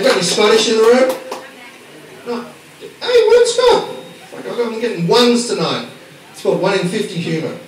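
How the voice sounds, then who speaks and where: A brash male stand-up comic from Australia, high-pitched and animated, swearing freely as he teases the audience. He sounds far from the mic in a very echoey small bar. A laughing crowd is clearly audible behind him. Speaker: stand-up comedian. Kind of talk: stand-up routine with crowd work.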